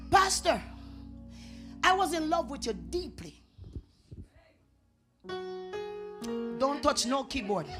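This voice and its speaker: A woman with a Jamaican accent preaching a revival sermon in church, dramatic and call-and-response, building to shouts. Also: high-pitched. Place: church sanctuary. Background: organ or keyboard music.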